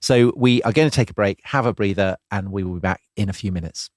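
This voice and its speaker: A man's voice: on the low side, quick pace, no room sound. A man co-hosting a history podcast, chatting with dry, teasing wit. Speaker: podcast co-host. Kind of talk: casual history podcast chat.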